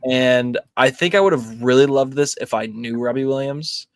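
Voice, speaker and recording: A young man reviewing films in a laid-back podcast chat, sprinkling in ums and likes as he goes. His voice sits at a middle pitch and sounds dry and close, with no room around it. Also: moderate pace, no echo. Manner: relaxed, filler-heavy, many ums and likes. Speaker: podcast host. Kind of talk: casual movie review chat.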